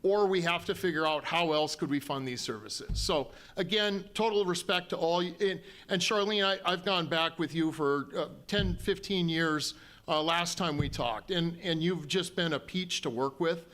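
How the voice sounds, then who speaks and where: A man's voice: on the high side, normal speed, a bit bright. A man, a county official answering questions at a town hall in a folksy, conciliatory way with frequent ums and restarts. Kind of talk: public town hall remarks.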